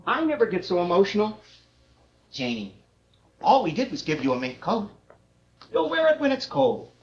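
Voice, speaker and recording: A woman playing a gentle, fussy older father who keeps trying to calm everyone on stage. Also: normal speed, close to an everyday voice. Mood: soothing. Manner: coaxing, lively pitch swings. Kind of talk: stage play acting. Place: theater stage. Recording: dull lo-fi roomy stage recording.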